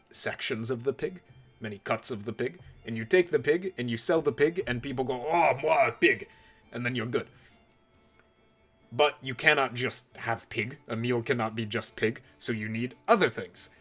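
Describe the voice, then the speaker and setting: A man's voice: mid-range voice, normal speed, a bit bright, faint music behind, lightly acted. A man voicing a stern, scornful male head chef who lectures in formal speech without contractions. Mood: lecturing.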